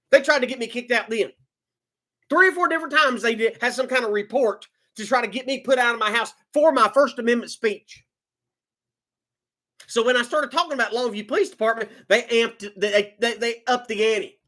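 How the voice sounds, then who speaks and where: A vlogger tells his own story in a brisk, emotional monologue, clearly agitated and repeating words. His delivery swings between loud outbursts and low muttering.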